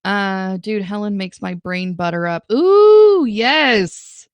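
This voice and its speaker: A woman's voice: medium pitch, little pitch movement, normal speed, smooth, no echo, muffled recording. A woman guesting on a livestream, chatting in a teasing, enthusiastic way and laughing often. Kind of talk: casual livestream chat.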